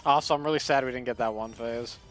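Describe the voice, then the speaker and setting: A man's voice: mid-range voice, steady tone, fast talker, a bit bright, faint music behind. A man bantering casually with gaming friends, swearing freely and using gamer slang. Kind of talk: casual chat.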